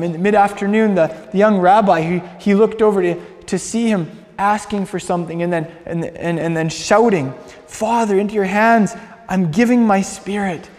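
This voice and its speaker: A man's voice: a little high, a little mellow. A man preaching, retelling a story earnestly with many restarts and repeated words. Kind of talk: sermon storytelling. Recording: long hall reverb.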